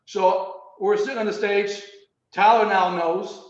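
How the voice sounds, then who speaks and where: A man casually telling a personal story on a video call, animated and repeating words as he goes. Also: high-pitched, unhurried. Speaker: meeting participant. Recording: roomy, muffled video call audio.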